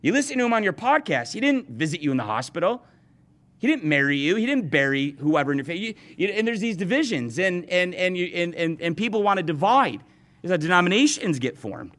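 The pastor talks fast in a high, sing-song, somewhat bright voice, aiming his sermon straight at the congregation. He's sincere and tends to restart or say words twice.

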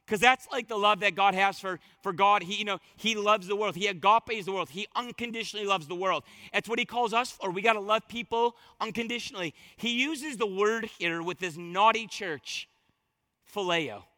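A pastor delivers a sermon in a strikingly high, bright man's voice. He hammers his points with repetition and jumps between loud emphatic bursts and quiet asides. The sound is dry and close, with no room around it. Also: normal speed, dry recording. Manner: emphatic, repeats words and phrases for stress.

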